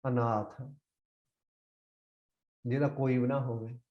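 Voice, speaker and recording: A man's voice: medium pitch, level tone, racing, highs cut off. Man explaining scripture. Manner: mixes English and Punjabi, repeats words while explaining. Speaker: Sikh scripture teacher.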